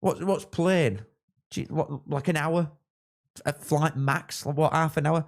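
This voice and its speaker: A young man chatting casually on a live football watchalong, rambling and thanking viewers, with sudden excited shouts. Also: on the high side, takes it slowly, creaky. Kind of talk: casual live-stream chat with match reactions.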